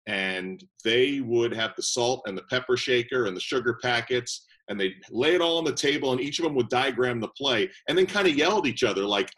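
A man who works as a radio play-by-play announcer, telling lively anecdotes in a casual interview and voicing the people he quotes. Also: medium pitch, fairly quick, hardly any pauses, rough recording.

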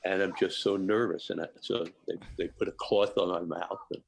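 A man, a chef, telling a personal anecdote in an interview, animated and laughing often. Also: low voice, normal speed, vocal fry, husky, no room sound, low-quality recording. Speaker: guest chef.

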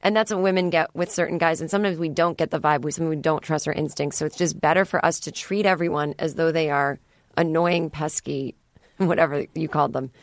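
A woman comedian in her thirties hosting a podcast, chatting in a casual, animated way from a studio and slipping into playful voices for the people she quotes. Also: sits low, a little fast, no echo.

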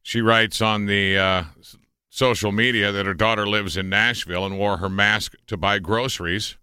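A man co-hosting a talk radio show, his voice bright and clean. He reads odd news items with a wry, deadpan touch. The sound is dry and close. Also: lowish voice, normal speed, smooth, no echo. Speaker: radio show host reading news stories. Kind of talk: casual radio banter.

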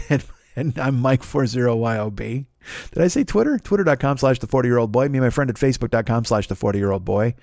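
A man's voice: medium pitch, animated, quick pace, creaky, a little mellow, dry recording. Profane ranting man, dry close sound. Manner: angry, profane, mocking voices of others. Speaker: podcast host. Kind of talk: profane comedic rant.

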